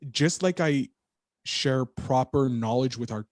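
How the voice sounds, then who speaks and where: A man on a podcast as a guest, telling a story in an animated, casual way and swearing freely. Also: medium pitch, slow, dry recording, clean studio sound.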